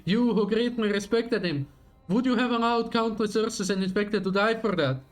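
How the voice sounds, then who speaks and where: A man voicing a young female leader in a game, with earnest, measured reading and pleading questions. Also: high-pitched, faint music behind, close to an everyday voice. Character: young woman leader, gentle but resolute. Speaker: streamer reading game dialogue aloud.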